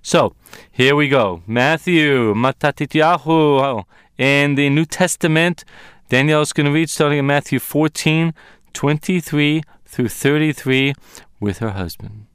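A man's voice: fairly high pitch, unhurried, fairly bright tone, smooth, dry recording, studio quality. A man teaching from the Bible on a ministry broadcast, earnest and emphatic, repeating key verses.

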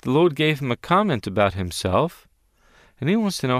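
Emphatic man teaching scripture, lively pitch. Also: moderate pace, no room sound, clean studio sound. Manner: emphatic, questioning the listeners, stressing key words. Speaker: Bible teacher. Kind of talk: interactive Bible teaching.

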